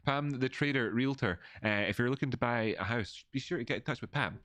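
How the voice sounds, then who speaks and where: A man's voice: mid-range voice, brisk, a bit bright, dry recording. A man with an Edinburgh Scottish accent hosting a casual livestream, rambling with frequent restarts as he thanks viewers. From Scotland. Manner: rambling, restarts often, reads out donor messages. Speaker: livestream host.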